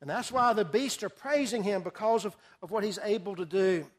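High-voiced man teaching a Bible class. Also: fairly quick. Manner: asks the class questions and repeats their answers; emphatic, repeats key words for stress. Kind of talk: interactive Bible study lesson.

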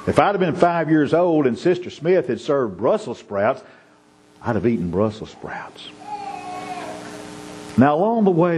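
A man's voice: fairly low pitch, a little mellow, a little hiss or hum, poor audio. A male pastor delivering a sermon, folksy and storytelling, building to emphatic preaching.

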